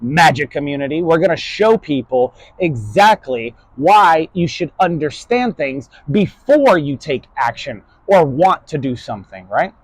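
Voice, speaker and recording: A man's voice: a little high, very animated, unhurried, few pauses, husky, no room sound. A man from New York giving a casual, blunt lecture to his online class, swearing freely and ending nearly every point with "right?". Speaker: online philosophy class host.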